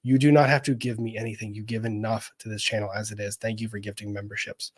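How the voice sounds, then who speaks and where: A man hosting a live legal commentary stream, reading viewer messages and reacting with wry, animated asides. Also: on the low side, quick pace. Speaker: lawyer streamer reading chat.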